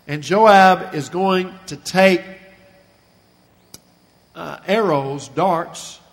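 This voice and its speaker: A man preaching a sermon, retelling a scripture story with earnest feeling and slowing down and softening on the sad passages. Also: fairly high pitch. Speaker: pastor. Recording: long reverb of a large hall.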